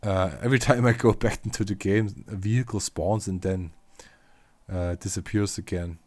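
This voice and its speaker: A man's voice: fairly low pitch, fairly even intonation, moderate pace, darkish tone, no room sound. A man with a German accent, chatting loosely on a livestream as a machinima creator, rambling and swearing casually.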